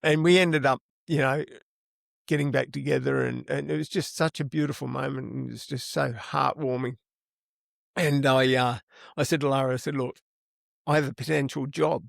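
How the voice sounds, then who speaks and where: Here a gravelly, mid-range male voice with fairly even intonation moves at a moderate pace. The speaker is a middle-aged man with an Australian accent, an interview guest telling stories casually and ramblingly, with plenty of swearing. Sound is dry and studio quality.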